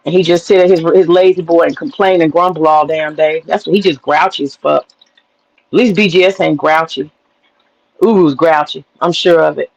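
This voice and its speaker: A woman's voice: sits low, steady tone, moderate pace, vocal fry, dry recording, dull audio. A woman from the American South, hosting a livestream and ranting in a blunt, profane, wisecracking way. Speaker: livestream host. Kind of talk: casual commentary rant.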